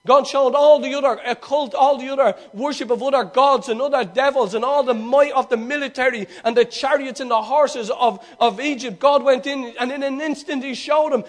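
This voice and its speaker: A man pastor preaching an animated sermon, repeating himself and restarting, swelling at times to shouts. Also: very high voice, moderate pace.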